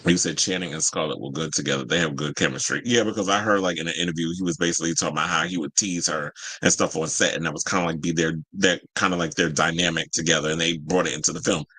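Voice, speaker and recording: Animated man with a bright, dry voice. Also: low-pitched, fast, few pauses, slightly rough, no echo, poor audio. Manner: animated and chatty, reads and answers live chat, swears freely. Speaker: entertainment news show host. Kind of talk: casual pop-culture commentary.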